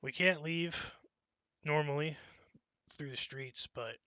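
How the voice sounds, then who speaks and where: A man voicing a cautious local guide who speaks in a hushed, half-whispered way. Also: fairly high pitch, slow, no echo, dull audio. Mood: wary. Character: wary male local who knows the way out.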